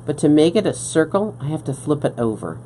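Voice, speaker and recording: A woman with a strikingly low, mellow voice leads a live beading demonstration. She explains each step patiently and often pauses to ask whether it makes sense. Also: big pitch swings, a little hiss or hum. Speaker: beading instructor. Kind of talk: live-stream craft demonstration. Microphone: live-stream setup at a work table.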